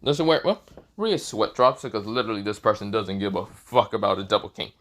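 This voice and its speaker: A man's voice: fairly low pitch, expressive, fairly quick, a bit bright. A man casually narrating a comic-based story, rambling and often restarting with the same stock phrases. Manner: rambling, repeats "this is where, well".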